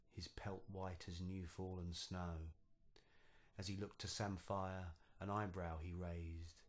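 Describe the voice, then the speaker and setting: A man narrating his own storybook poem in a measured, rhythmic recitation. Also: low-pitched. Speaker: poet and narrator.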